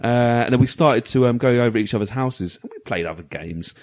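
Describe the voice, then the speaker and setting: A man co-hosting a retro gaming podcast, telling a long anecdote in lively, laughing casual chat. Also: medium pitch, fairly quick. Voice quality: animated. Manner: lively storytelling, often laughing. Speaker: podcast co-host.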